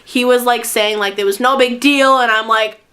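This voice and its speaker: A woman vlogger telling a storytime tale in excitable, giggly chatter. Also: fairly high pitch, moderate pace, background noise. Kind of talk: storytime vlog.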